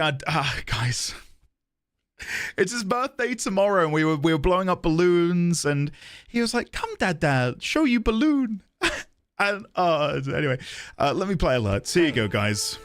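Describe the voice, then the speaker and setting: A man's voice: on the high side, a bit bright, dry recording. A man chatting casually on a live stream as a doting father, rambling a little.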